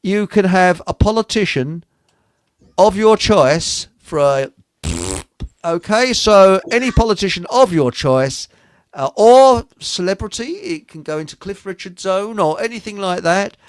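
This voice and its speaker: A man hosts a casual livestream, rambling, joking, swearing, laughing often and reading viewer comments aloud. His voice is high and animated, his pace measured, with no room sound.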